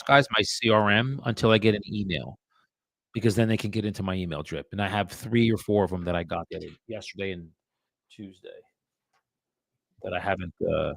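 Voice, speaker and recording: Real estate guy on a live stream, low gravelly voice, chatty mutters to viewers, dry sound. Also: fairly bright tone, no echo. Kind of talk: live-streamed cold calling with commentary.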